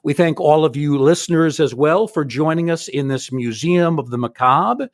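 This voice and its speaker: A man hosting a podcast, wrapping up the episode in an even, measured way with many small pauses. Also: fairly high pitch, no room sound, studio quality. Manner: measured, with frequent uh fillers. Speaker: podcast host. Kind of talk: podcast sign-off.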